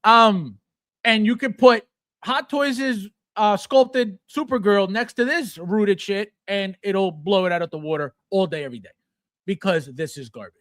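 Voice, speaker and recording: A man's voice: high voice, unhurried, a bit bright, dry recording, studio quality. A man hosting a collectibles channel, ranting bluntly and scornfully about a figure, profane and sarcastic. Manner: repetitive, sarcastic jabs at viewers.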